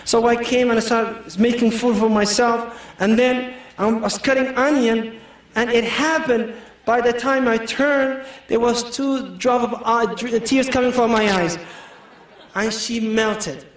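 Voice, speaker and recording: Male preacher, high voice, humorous anecdotal delivery; echoey room, distant mic. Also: unhurried. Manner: joking, anecdotal, laughs often. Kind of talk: humorous sermon.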